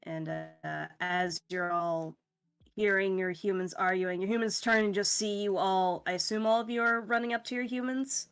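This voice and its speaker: A woman's voice: mid-range voice, fairly even intonation, normal speed, fairly bright tone, clean tone. A woman narrating a tabletop game as game master, casual and loose, swearing often.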